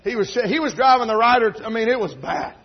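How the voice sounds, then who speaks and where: High-voiced husky preacher. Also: male voice, expressive, brisk. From North Carolina, USA. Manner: folksy storytelling preacher, building to emphatic fervor. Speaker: pastor. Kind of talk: sermon. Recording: dull lo-fi recording.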